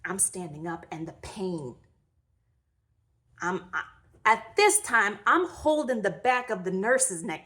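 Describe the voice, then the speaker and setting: A woman's voice: medium pitch, lively intonation, measured pace, fairly bright tone. A woman in her thirties telling her story in a storytime vlog, candid, emotional and blunt, with mild swearing. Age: 30s. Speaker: vlogger.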